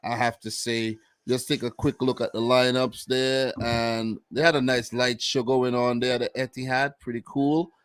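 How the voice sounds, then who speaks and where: A man's voice: mid-range voice, flat delivery, moderate pace, hardly any pauses, a bit bright, smooth, dry recording. A man from Saint Vincent with a Vincentian accent, co-hosting a casual football chat in a laid-back, slangy way. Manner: laid-back, slangy, slips into island dialect. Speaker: co-host.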